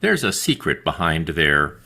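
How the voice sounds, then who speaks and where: A man's voice: very deep voice, wildly swooping pitch, unhurried, gravelly, pushed and bright. A man narrating a speaking practice video and explaining the point of each clip. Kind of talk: read-out narration.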